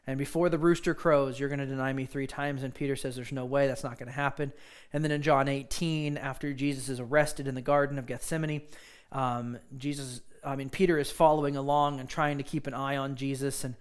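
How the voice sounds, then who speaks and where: A man's voice: mid-range voice, smooth. A man preaching a sermon to his congregation in an earnest, conversational way, with frequent fillers and restarts. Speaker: pastor.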